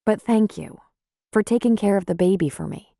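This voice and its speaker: A woman's voice: medium pitch, normal speed, creaky, dark tone, dry recording, studio quality. A woman voicing an earnest, troubled city nurse practitioner in an audiobook.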